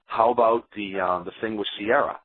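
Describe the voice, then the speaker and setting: Over a tinny phone line with a dry sound, a man who was eliminated from a contest tells his story in a heated interview. He speaks briskly in a low-leaning voice, animated and defensive, quoting others by acting out their words.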